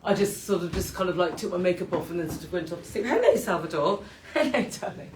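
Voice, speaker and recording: This qigong teacher and show host, a British woman, leads a live-streamed morning class from a home room with her dogs nearby, laughing often and poking fun at herself. She speaks fast in a fairly low, slightly mellow voice; the room echoes, with a little hiss or hum.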